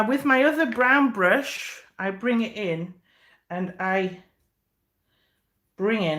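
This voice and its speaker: A woman's voice: mid-range voice, a bit bright. A middle-aged woman giving a live cake decorating demonstration, chatty and encouraging with many fillers.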